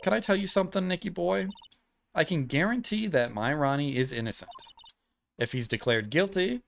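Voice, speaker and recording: A man's voice: a little high, lively intonation, moderate pace, creaky, slight background noise, voice pushed up. A man voicing a flirty, doting wife who is sweetly protective of her husband. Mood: coy. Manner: sweet, coy, affectionate.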